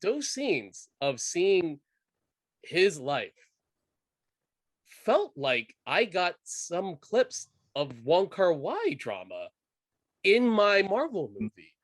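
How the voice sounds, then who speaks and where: A man co-hosting a casual film podcast, animated and enthusiastic, full of fillers and restarts. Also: sits high, drawn-out words, dry recording, clean studio sound. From United States. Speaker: podcast co-host.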